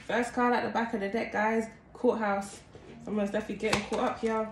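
A woman reads tarot cards for her viewers in a loose, chatty way, calling out to them again and again. Her voice sits at an ordinary middle pitch. It bounces around an echoey room over a steady hiss of background noise. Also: brisk. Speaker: tarot card reader. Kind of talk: casual tarot reading to camera.

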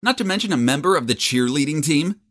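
Man putting on a high-pitched, bossy teen cheerleader girl; pushy and full of herself, storybook voice. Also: expressive, fast, a bit bright. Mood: indignant. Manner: bossy, demanding. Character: pushy arrogant teenage girl, popular cheerleader.

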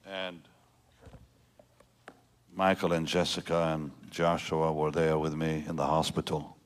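A man's voice: rumbling low, little pitch movement, unhurried. A man in his seventies, a pastor telling a personal story in a sermon, rambling and emotional, with many restarts. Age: 70s. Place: large church.

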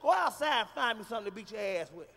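A man's voice: high voice, lively intonation, very fast, creaky, full character voice. A male comedian voicing a stern, fed-up mother who scolds her son. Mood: scolding. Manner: sharp, scolding.

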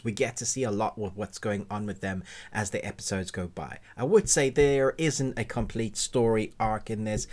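A man giving a casual, enthusiastic spoken review of a TV series, rambling a little and restarting his sentences. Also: medium pitch.

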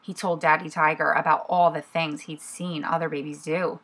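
A preschool teacher reads a picture book aloud to young children, expressive and clear. Her voice sits a touch lower than most women's. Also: normal speed.

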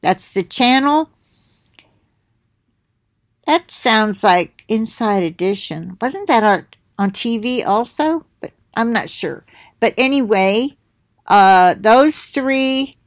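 Middle-aged woman rambling to her viewers, slow and chatty, dry close mic. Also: fairly high pitch, expressive, no echo. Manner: slow, rambling, reads titles aloud with asides. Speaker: video host sharing links. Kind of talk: casual monologue to viewers.

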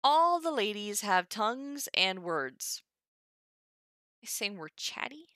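A woman's voice: medium pitch, sing-song, slow, a bit bright, no room sound, clean studio sound. A young woman teaching Ancient Greek on a live stream, thinking aloud with wry asides. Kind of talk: casual live-stream lesson.

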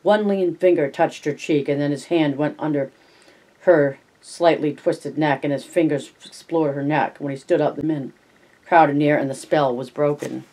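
A host reading a novel chapter aloud in a plain, steady way, then closing the video. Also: mid-range voice, normal speed, low-quality recording. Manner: plain reading with small slips and restarts. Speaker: reader and homework-help host.

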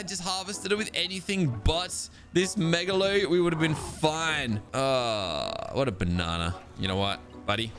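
A young man giving excitable let's-play commentary as he plays a survival game, chatting to his tamed creatures and breaking into exasperated outbursts. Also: fairly high pitch, normal speed, few pauses. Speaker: gaming video host. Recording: game music playing behind.

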